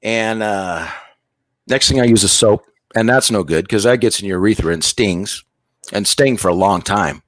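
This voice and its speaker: A man's voice: fairly low pitch, normal speed, a bit bright, dry recording. Candid joking man telling a story. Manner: candid, self-deprecating, joking. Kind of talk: casual storytelling.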